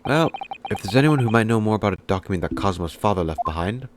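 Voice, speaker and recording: Deep-voiced man reading a game aloud. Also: expressive, quick pace, background noise. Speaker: let's play narrator. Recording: game music behind voice.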